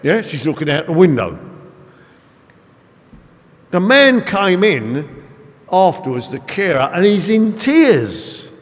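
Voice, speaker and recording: A man preaching a sermon, telling stories in an animated, emphatic way. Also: high-pitched, slow, long pauses. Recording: echoey hall with long reverb.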